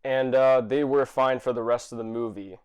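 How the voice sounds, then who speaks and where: A man ranting to camera, exasperated and swearing, with many fillers and restarts and sudden bursts of shouting. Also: medium pitch, fairly even intonation, moderate pace, smooth. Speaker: vlogger. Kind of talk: angry rant to camera.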